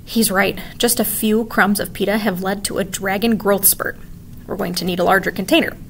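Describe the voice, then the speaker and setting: Female teacher, storybook read-aloud; expressive, clear, soft background noise. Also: medium pitch, normal speed. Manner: expressive, animated reading. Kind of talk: reading a children's book aloud.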